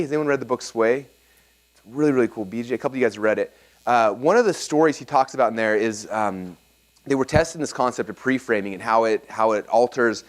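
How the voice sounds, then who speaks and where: Fast-talking man teaching a seminar. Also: mid-range voice. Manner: energetic storytelling with many fillers and restarts. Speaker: marketing seminar speaker. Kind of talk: live teaching talk with stories. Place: seminar room with a live audience.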